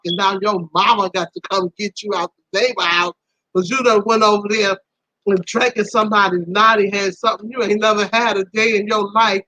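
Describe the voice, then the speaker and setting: A woman hosting a live stream tells a story to her viewers in a lively, casual way. She laughs often, and her voice jumps up high at the embarrassing parts. Her tone is bright and forceful, and the recording is close and dry. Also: a little fast, no echo, rough recording. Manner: animated, laughing, swoops high when embarrassed.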